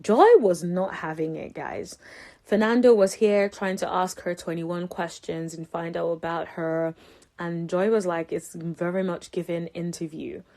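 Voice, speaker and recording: Animated young woman recapping a show. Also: a little slow. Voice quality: animated, jumps high in pitch for reactions. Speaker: reality show recap commentator. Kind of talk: casual chat.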